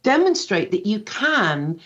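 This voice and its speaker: A woman's voice: medium pitch, sing-song, slow, a bit bright. Chatty older woman, slightly dull sound. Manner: chatty, self-deprecating, acts out quoted dialogue. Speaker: guest author. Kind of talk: casual radio interview.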